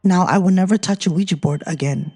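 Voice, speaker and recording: A woman's voice: on the low side, a little fast, mellow, breathy edge. A woman hosting a podcast, reading listener ghost stories aloud and chatting between them. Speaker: podcast host. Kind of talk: casual storytelling podcast.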